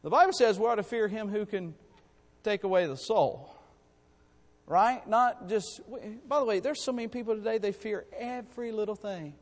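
A man preaching a sermon. He swings between loud, rising exhortation and quiet asides, and reads scripture in slow, drawn-out phrases. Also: high voice. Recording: long hall reverb.

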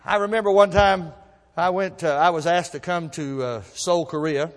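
A man preaching a sermon, telling folksy stories and swinging from soft asides to loud emphasis. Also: on the high side, fairly even intonation, normal speed, big-room sound. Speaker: pastor.

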